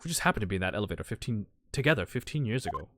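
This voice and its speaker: A man voicing a cold, brooding male prosecutor in a video game, speaking low and gravely. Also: big pitch swings, very fast, background noise. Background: game music.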